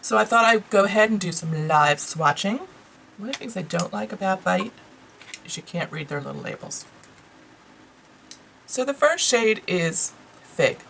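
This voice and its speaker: A woman's voice: medium pitch, expressive, moderate pace, gravelly, long pauses, a bit bright, slight background noise, rough recording. A woman with a New York accent casually and enthusiastically reviewing beauty products she bought, chatting to her viewers. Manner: chatty, enthusiastic, lots of fillers. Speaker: beauty vlogger.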